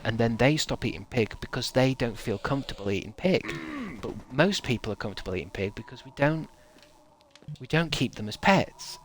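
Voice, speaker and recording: A man's voice: mid-range voice, animated, a little fast, a little hiss or hum. Rambling English man streaming. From England. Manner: rambling and jokey. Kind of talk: casual chat reading viewer messages.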